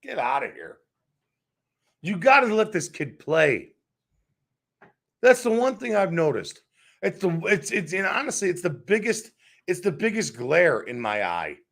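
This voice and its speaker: A gravelly-voiced man rants as a sports talk host. His pitch swings widely as he hammers his points again and again, and he swears freely. His voice sits a little higher than most men's. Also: big pitch swings, a little slow, pauses often, fairly bright tone. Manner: heated, profane, repetitive ranting.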